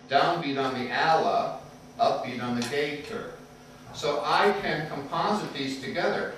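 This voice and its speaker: Man teaching music in an echoey room. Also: a little high. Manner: explains step by step, then chants rhythm syllables. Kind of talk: classroom music lesson. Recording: echoey classroom, far from the mic, loud noise.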